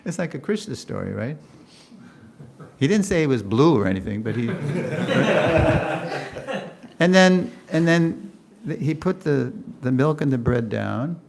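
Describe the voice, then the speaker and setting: A gravelly older man tells a story to a class. He talks in an animated way, acts out what people said, and laughs as he goes. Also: fairly high pitch, slight background noise. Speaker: lecturer. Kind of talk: storytelling lecture.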